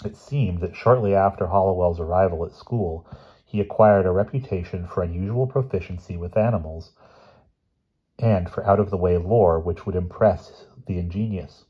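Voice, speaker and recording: Deep raspy guy reading a short story slow and steady, kinda muffled lo-fi sound. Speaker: audiobook reader.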